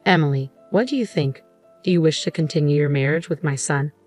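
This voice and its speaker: Stern older man, firm and commanding, read by a woman, low-pitched, soft music bed. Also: brisk. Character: stern older man, angry father-in-law. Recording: faint music underneath.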